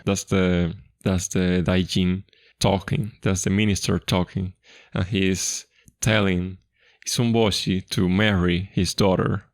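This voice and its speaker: Deep gravelly man explaining a folktale. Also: unhurried, no echo, clean studio sound. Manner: relaxed, chatty, repeats himself while explaining. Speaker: language teacher. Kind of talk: explaining a folktale reading line by line.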